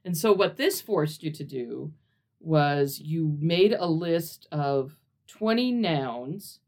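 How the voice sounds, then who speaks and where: A woman's voice: sits low, lively intonation, slow, darkish tone. A woman co-hosting a podcast, explaining a writing exercise step by step in a chatty way. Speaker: podcast co-host. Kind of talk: casual chat.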